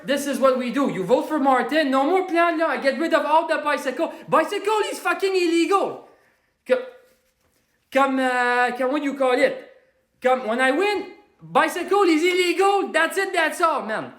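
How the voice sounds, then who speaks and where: Guy putting on a high-voiced quebecois hothead, loud and cussing, quebec french accent, echoey room. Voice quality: loud, profane, broken English mixed with French. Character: brash excitable Quebecois man, swearing would-be politician. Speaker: comedic weather forecaster. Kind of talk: comedic live-stream monologue.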